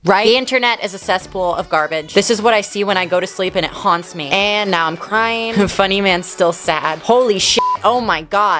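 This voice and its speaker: A young adult woman YouTuber delivering a satirical video essay with sarcastic, deadpan mock-seriousness. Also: medium pitch.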